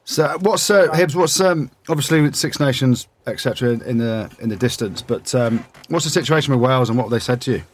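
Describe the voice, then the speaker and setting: Fast-talking teasing podcast host. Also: male voice, medium pitch. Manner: chatty, teasing. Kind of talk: casual chat.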